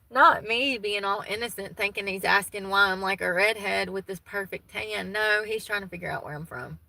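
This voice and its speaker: A woman's voice: medium pitch, vocal fry, sharp tone, no room sound, poor audio. A woman in her thirties with a Southern US accent, chatting casually and folksily with her viewers and laughing easily. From Southern United States. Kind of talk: casual chat with live viewers.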